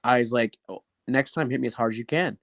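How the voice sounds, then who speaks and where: A man speaking at a mid-range pitch tells stories in an animated, casual way. He swears freely and acts out what others said. His voice sounds dry and close. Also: fast talker, no echo. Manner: animated, swears often, acts out quoted dialogue. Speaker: guest, professional wrestler. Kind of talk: casual storytelling interview.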